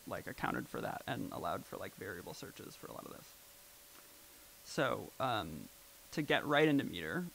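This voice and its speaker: A man's voice: mid-range voice, gravelly, a bit bright, slight background noise, low-quality recording. A man presenting at a live event, talking casually and rambling with lots of "like" and "um" fillers. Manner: rambling, filler-heavy, with frequent "like" and "um".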